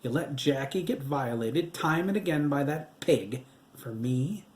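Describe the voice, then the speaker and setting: A man's voice: fairly high pitch, animated, measured pace, a little mellow, roomy sound, voice pushed up. A man voicing the stern, unforgiving ghost of a dead husband in an audiobook, mocking and cold.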